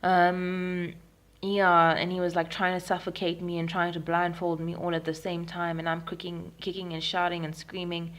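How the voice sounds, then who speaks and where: A woman's voice: fairly low pitch, level tone, moderate pace, fairly bright tone. A young Zimbabwean woman recording a personal video diary at home, retelling events frankly with frequent ums. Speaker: vlogger. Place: at home in Harare.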